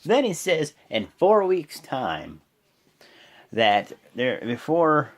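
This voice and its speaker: Lively man recapping wrestling, rambling. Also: fairly high pitch, takes it slowly. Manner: rambling, with many fillers and "and whatnot"; breaks into loud, excited voices when quoting. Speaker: host of a wrestling reaction channel. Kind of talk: casual show recap to camera.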